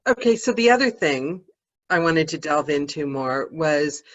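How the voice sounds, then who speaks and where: A woman's voice: low voice, lively intonation, a little slow, dull audio. A woman hosting a podcast, asking questions in an eager, chatty way. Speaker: podcast host. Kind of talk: interview on a podcast.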